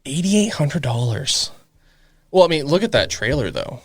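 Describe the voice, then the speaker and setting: A man's voice: on the high side, very animated, normal speed, dry recording, studio quality. A man guest-hosting a car podcast in laid-back, joking casual chat.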